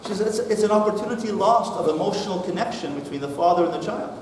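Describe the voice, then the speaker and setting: A middle-aged man gives a talk in a synagogue, animatedly acting out a family story. His slightly high voice carries through a long, reverberant hall, picked up by a distant mic over steady background noise. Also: fast talker. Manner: animated storyteller, acts out dialogue. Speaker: rabbi giving a talk. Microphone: distant mic, far from the speaker. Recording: echoey hall recorded from far off.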